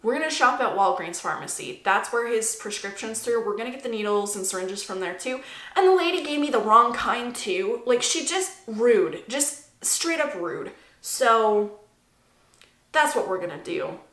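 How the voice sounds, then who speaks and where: Woman, bright tense voice, indignant rant to camera, roomy echo. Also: fairly high pitch, lively intonation, moderate pace. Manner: indignant, emphatic, repeats herself. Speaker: vlogger. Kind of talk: angry personal rant to camera.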